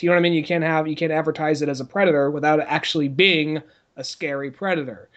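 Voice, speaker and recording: Laid-back male podcast co-host with a high voice, chatty and casually profane. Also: steady tone, quick pace, muffled recording. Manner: easygoing, laughing, profane. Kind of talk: casual chat.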